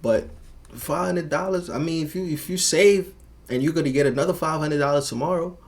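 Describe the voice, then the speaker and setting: A man hosting a reaction video, talking in profane street slang with animated outbursts. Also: fairly high pitch, fairly quick. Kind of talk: casual commentary over a clip.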